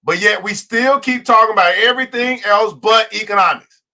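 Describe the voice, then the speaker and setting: Hosting a livestream finance show, this man speaks with a high, bright, forceful voice at a brisk clip. Fired up like a preacher, he stretches the words he wants to land and addresses viewers directly, greeting them by name.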